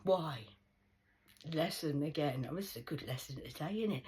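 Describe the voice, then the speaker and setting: A woman in her forties giving a rambling, mocking monologue, swinging between loud outbursts and hushed whispers. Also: sits low, moderate pace, long pauses, breathy edge, rough recording. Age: 40s. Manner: mocking, preachy tone.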